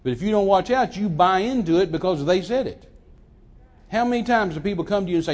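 Dramatic older male preacher, higher voice. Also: animated, quick pace. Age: 60s. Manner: dramatic, swings from hushed to loud and emphatic. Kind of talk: sermon storytelling.

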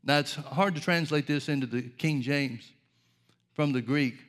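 A man's voice: a little high, measured pace, a bit bright. A man preaching a sermon, earnest and direct, asking rhetorical questions and addressing his listeners as folks.

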